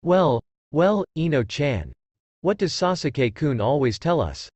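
A man's voice: a little high, big pitch swings, measured pace, a little mellow, husky, no echo, full character voice. A man putting on a screechy bossy young girl. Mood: shrill, bossy. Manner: screechy, pushy. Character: shrill bossy preteen girl.

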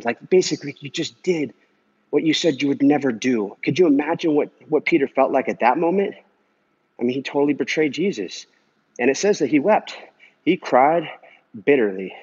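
Walking through an indoor pool area, a husky-voiced man of mid-range pitch responds to a viewer comment as a Christian vlogger, offering casual, earnest encouragement. His talk is conversational and packed with "man" and "you know," captured in a dull, lo-fi recording.

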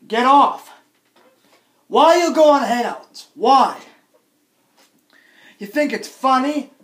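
A man vlogging an angry, repetitive rant, often shouting and scolding. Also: very high-pitched, lively intonation, slow.

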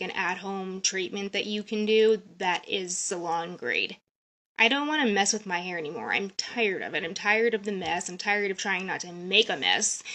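A woman's voice: medium pitch, sharp tone. A chatty woman in her thirties rambles through a casual live stream, drifting from one topic to the next. She talks into a phone or webcam, loose and unscripted.

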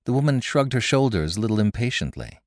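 A man narrating a classic story in a measured, expressive way, recorded close on a studio mic. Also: mid-range voice, no room sound. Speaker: narrator and podcast host.

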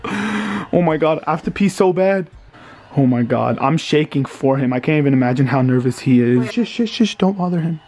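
A man's voice: fairly high pitch, animated, normal speed, a little mellow. A young man in his twenties reacting live to a basketball game at home, anxious and pleading, swearing and groaning as he talks into a handheld camera. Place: home, indoors.

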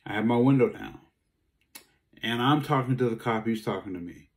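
A man giving a talk, telling a personal story in a casual, conversational way and acting out the dialogue. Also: normal speed. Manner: animated, acts out dialogue, voice jumps high when upset. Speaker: speaker.

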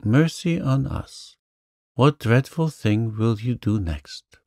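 A man's voice: mid-range voice, takes it slowly, a little mellow, dry recording, clean studio sound. A man voicing a spirited, blunt young woman in a storybook reading, exclaiming and teasing.

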